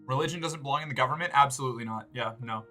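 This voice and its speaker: An American man chats casually with livestream viewers, rambling with plenty of fillers and swearing freely. His mid-range voice races along, pushed and bright, with faint music in the background.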